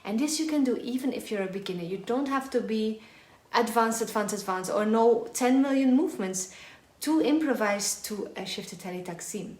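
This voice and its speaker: A woman's voice: on the high side, moderate pace. A woman teaching a live online belly dance class, counting and singing rhythms as she dances and drifting nearer and farther from the mic. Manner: energetic, counts and sings rhythms while dancing. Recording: echoey room with faint music.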